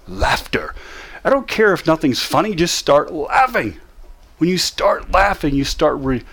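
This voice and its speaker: A man's voice: on the high side, a bit bright. A man teaching how to manage depression, talking straight to the listener with emphatic, repeated short commands. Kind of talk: motivational teaching talk.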